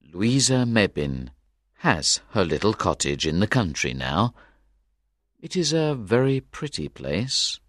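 Brief: deep-voiced man reading a story aloud, unhurried and expressive, dry studio sound. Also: no room sound. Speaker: narrator. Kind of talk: slow, clear narration of a simplified story.

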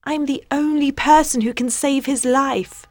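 A woman voicing a devoted queen in a soft, sincere way in a storybook reading. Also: sits high, fairly even intonation, measured pace, no echo, voice pushed up. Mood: determined.

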